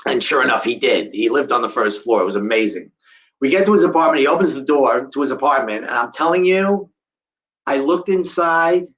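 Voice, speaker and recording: A man's voice: mid-range voice, brisk, fairly bright tone, muffled recording. A middle-aged man giving a live storytelling talk to an audience, acting out the voices of the people in his story. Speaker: guest speaker telling a survivor story.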